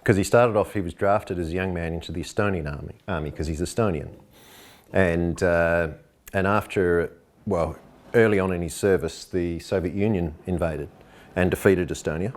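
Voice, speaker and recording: A man runs a documentary interview, chatting and explaining things at length. His voice sits very low. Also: steady tone, moderate pace.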